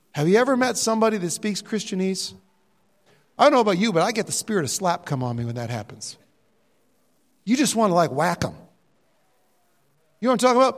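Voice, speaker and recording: An older man preaching a sermon, animated and jokey, sometimes mimicking other voices. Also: high voice. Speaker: pastor. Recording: reverberant hall sound.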